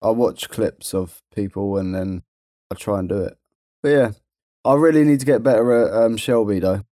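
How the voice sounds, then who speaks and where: Brief: a man co-hosting a podcast, jokey banter, mellow tone, dry close sound. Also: lowish voice, normal speed, no room sound. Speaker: podcast co-host. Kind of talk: casual chat.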